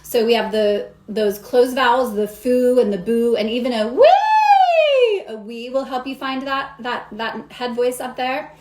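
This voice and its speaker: A woman's voice: a little high, steady tone, a little slow, few pauses, background noise. Upbeat woman vocal coach, echoey room. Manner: upbeat, explains while demonstrating sounds. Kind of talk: singing lesson explanation.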